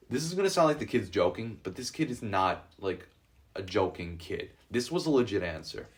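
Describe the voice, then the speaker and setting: A man's voice: on the low side, normal speed. A young man hosting an unedited podcast, telling long rambling stories in casual chat full of filler words. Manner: rambling, animated storytelling with a lot of filler. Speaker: podcast host.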